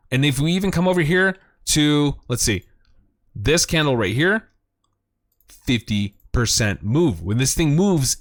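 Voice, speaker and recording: A man hosting a crypto chart show, giving excited commentary, hyped and emphatic, repeating phrases and jumping up in pitch when thrilled. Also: no room sound, clean studio sound. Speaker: crypto chart analyst host.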